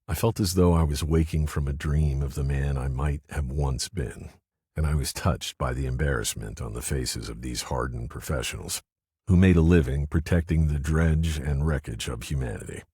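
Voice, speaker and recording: A man reading a first-person mystery audiobook in a low, subdued way. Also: moderate pace, warm tone, breathy edge, no echo, clean studio sound. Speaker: audiobook narrator. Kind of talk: scripted first-person narration.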